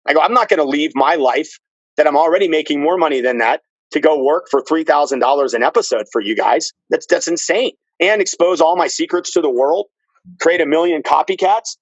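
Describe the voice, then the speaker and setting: Man, podcast guest, swears freely and tells animated stories in a fairly high voice; dull, dry lo-fi sound. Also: brisk, dry recording. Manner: profane, animated storyteller. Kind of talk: casual podcast chat.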